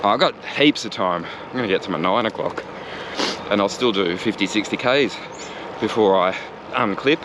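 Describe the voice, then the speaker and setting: A man's voice: fairly low pitch, normal speed, noisy background. A man with an Australian accent talking casually while cycling outdoors before dawn, joking and swearing now and then as he vlogs. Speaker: cycling vlogger. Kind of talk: casual vlog commentary while riding. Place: riding a bike outdoors on roads before dawn.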